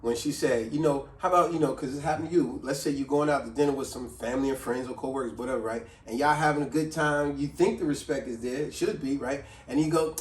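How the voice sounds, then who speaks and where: A man hosting a casual advice talk, lively, who acts out quoted people in a raised voice. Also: on the high side, fast, far from the mic. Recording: roomy sound from off the mic.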